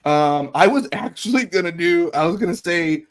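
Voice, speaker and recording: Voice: medium pitch, expressive, moderate pace. A player in a tabletop game chatting casually, rambling with many fillers and restarts. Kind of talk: casual chat between players.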